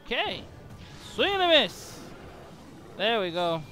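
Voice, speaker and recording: A man giving excitable gameplay commentary while sick with a bad cough, breaking into frequent exclamations. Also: very high voice, takes it slowly, soft background music. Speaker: gamer.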